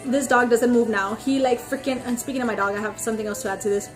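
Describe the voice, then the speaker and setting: Over music, a young woman with a slightly high voice rants at a fast clip to her vlog camera. Her casual, rambling storytelling is full of "like" and "freaking," and she animatedly performs what the other people in her tales said.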